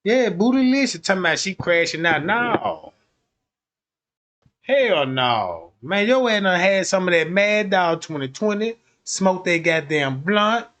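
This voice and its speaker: A man streaming a comedic rant, telling profane, animated stories and acting out the scenes. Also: high voice, a little slow. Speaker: streamer commentator.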